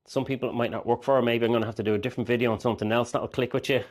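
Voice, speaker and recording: Delivering coaching talk straight to camera, this mindset coach has a mid-range voice that's steady, rapid-fire, and darkish in tone. He rambles earnestly and frequently voices inner dialogue aloud.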